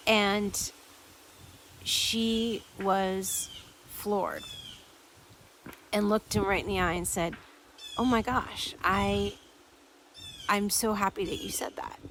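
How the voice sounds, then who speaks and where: Telling her listeners a story, this woman podcast host brings it to life by performing each person's quoted lines. She speaks in a mid-range voice at a slow pace, pausing often, over slight background noise.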